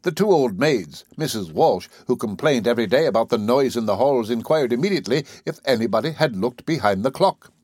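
Measured male audiobook narrator, dry sound. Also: mid-range voice, expressive, darkish tone, slightly rough, dry recording. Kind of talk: scripted narration.

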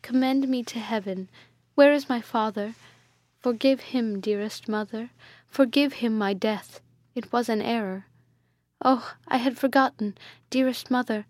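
A dying young princess speaks softly and faintly, read by a woman. Her words are tender and gentle. The sound is close and dry. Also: on the high side, measured pace, dry recording, natural voice.

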